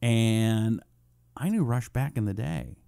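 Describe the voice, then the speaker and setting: A man's voice: lively intonation, slow pace, vocal fry, mellow, clear, resonant tone, no echo, studio quality. A man hosting a political talk radio show, reading listener messages and answering critics with sarcasm. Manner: combative, sarcastic, mocks critics in high put-on voices.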